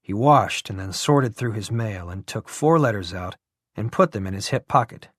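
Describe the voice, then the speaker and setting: A man giving a measured, even scripted narration of an audiobook. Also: lowish voice, dry recording, studio quality.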